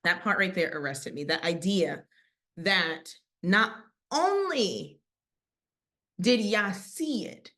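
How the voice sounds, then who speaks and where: A woman teaching scripture in a casual, lively way, acting out quoted voices and laughing often. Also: medium pitch, takes it slowly. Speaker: Bible teacher.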